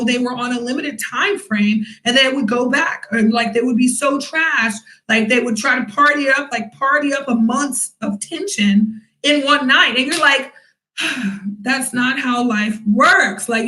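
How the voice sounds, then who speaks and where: A young woman vlogging, telling a story casually with lively, animated quoting and frequent laughs. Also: high voice, measured pace. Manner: animated, acts out quotes loudly with laughs. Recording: echoey room.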